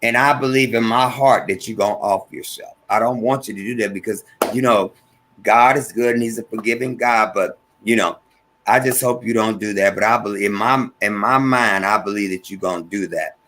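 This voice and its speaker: Male guest, bright forward voice, earnest, repetitive, teasing. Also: on the low side, normal speed. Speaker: guest on a talk stream. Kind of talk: casual talk-show chat.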